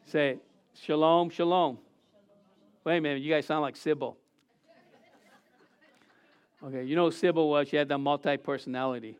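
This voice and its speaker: Guy preaching a sermon, highish voice, real clear and smooth, gets the crowd to answer back. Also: a little fast, pauses often. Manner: animated preaching with call-and-response to the congregation. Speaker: pastor.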